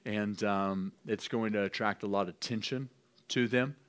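Low-voiced man preaching casually. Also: fairly even intonation, smooth. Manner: conversational, halting restarts, light laughs. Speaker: pastor. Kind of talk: informal charismatic preaching and prophecy. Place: church gathering.

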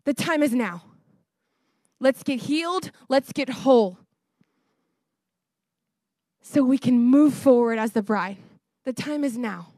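High-voiced woman preaching with fervor. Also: expressive, takes it slowly, pauses often, no room sound, clean studio sound. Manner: passionate, rising to near-shouting, laughs often. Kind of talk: sermon.

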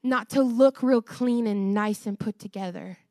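A woman preaches with rising fervor, her high voice pushing toward a shout at its peaks. She laughs between points and talks straight to the congregation. The sound is dry and close, with no room around it. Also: a little slow, no echo. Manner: passionate, rising to near-shouting, laughs often. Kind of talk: sermon.

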